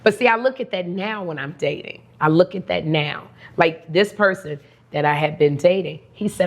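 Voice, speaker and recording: Animated middle-aged woman storyteller. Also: fairly low pitch, normal speed. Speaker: guest. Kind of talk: casual chat.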